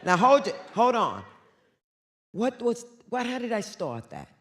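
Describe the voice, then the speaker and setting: A woman speaking as an author and guest on a theater stage, loud and bawdy, swinging between shouts and hushed whispers. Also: on the high side, huge pitch swings, measured pace. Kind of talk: animated live stage talk. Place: theater stage before an audience.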